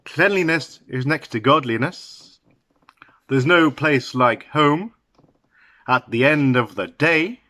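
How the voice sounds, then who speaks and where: Guy teaching english sayings, bright tone, pauses and restarts a lot, dry sound. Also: on the high side, no room sound. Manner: unhurried, halting with fillers and restarts. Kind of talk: explaining idioms to learners.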